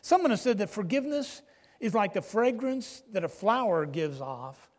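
A man preaching a sermon, earnest, pausing often and dropping low on key phrases. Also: lively intonation, a little mellow, big-room sound.

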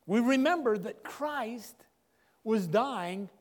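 An older man, a grandfather and pastor, preaching a sermon with emphatic pauses. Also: extremely high pitch, expressive. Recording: long echo of a large hall.

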